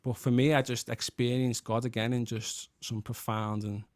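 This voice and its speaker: A man from Liverpool in his thirties, a guest musician and worship leader, talking in an earnest, halting way with many restarts. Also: medium pitch, little pitch movement, no echo. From Liverpool, England. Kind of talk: casual chat.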